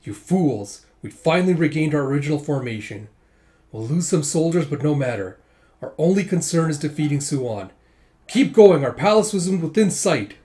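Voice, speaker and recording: A man's voice: on the high side, animated, a little fast, warm tone, close to an everyday voice. A man voicing an ambitious, scheming male warlord general in a comic readthrough, proud and commanding.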